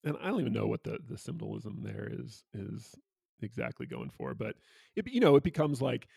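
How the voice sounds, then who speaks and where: A man's voice: on the low side, big pitch swings, a little fast, vocal fry, darkish tone, husky, no room sound. A man co-hosting a podcast, chatting casually about a picture book, laughing often and using many fillers. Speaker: podcast co-host.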